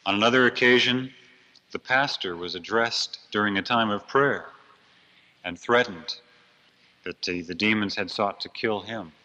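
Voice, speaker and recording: A man's voice: fairly low pitch, a little slow, sharp tone. A man preaching a storytelling sermon, earnest and dramatic, swelling on key phrases. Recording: dull lo-fi recording.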